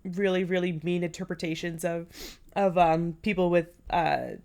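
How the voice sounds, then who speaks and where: A woman's voice: fairly low pitch, fairly even intonation, moderate pace, creaky, darkish tone. Blunt, chatty young woman podcaster. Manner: chatty and blunt, with lots of fillers and swearing. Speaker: podcast co-host. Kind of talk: casual chat.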